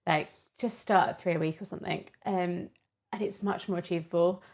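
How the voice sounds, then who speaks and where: Frank woman with a gravelly low voice. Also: fairly even intonation, fairly quick, darkish tone, dry recording. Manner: frank, upbeat, informal fillers. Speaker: marketing executive guest. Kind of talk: casual interview chat.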